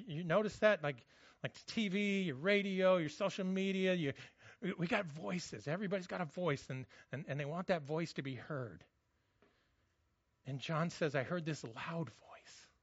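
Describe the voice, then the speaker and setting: A pastor giving a sermon in a conversational way, often restarting his words and slowing down when he reads scripture. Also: on the high side, no echo, dull audio.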